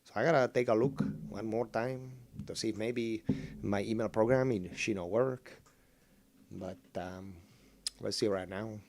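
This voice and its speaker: A man hosting a casual call-in livestream, rambling and sarcastic, cursing at his software. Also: lowish voice, steady tone, measured pace, vocal fry. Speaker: livestream host.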